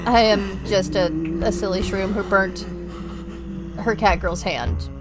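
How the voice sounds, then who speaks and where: A woman's voice: mid-range voice, steady tone, takes it slowly, low-quality recording. A young woman streamer chatting casually while she plays, bubbly and self-deprecating. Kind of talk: casual gameplay chat. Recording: game music underneath.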